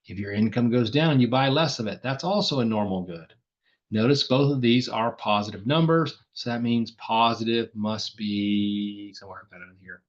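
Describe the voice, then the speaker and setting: A man's voice: fairly low pitch, normal speed. An older man teaching an economics lecture in a chatty, self-deprecating way, working through examples aloud. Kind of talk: recorded classroom lecture. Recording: dull lo-fi lecture recording.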